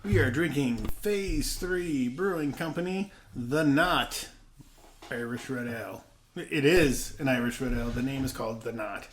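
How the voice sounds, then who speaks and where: A man with a mid-pitched voice co-hosts a podcast in casual chat. He tells relaxed stories at an easy pace, dropping an "um" or a "like" here and there. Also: unhurried, slight background noise. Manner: relaxed storytelling with fillers. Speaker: podcast co-host.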